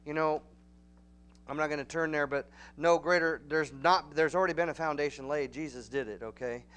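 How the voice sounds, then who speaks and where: A man with a Texan accent preaching a Bible study in a church, folksy and emphatic, building to loud, urgent peaks. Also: on the high side, steady tone, normal speed, smooth. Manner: folksy, emphatic, rising to near-shouting peaks. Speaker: pastor. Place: church sanctuary.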